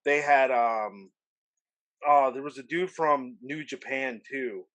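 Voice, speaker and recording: A man's voice: mid-range voice, takes it slowly, a bit bright. A man as a podcast guest, telling a story in an easygoing way, full of fillers like "like" and "dude". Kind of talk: casual wrestling podcast chat.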